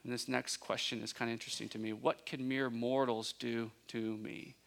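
A man preaching a sermon, asking his listeners questions and building to emphatic peaks, with relaxed conversational asides. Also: medium pitch, moderate pace, vocal fry. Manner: conversational asides, self-correcting. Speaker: pastor.

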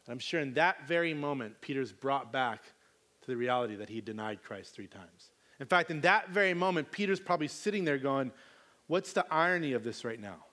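A man's voice: mid-range voice, expressive, brisk, bright, forceful tone. A man preaching a sermon, reading scripture and then retelling it in a casual, conversational way with slangy asides.

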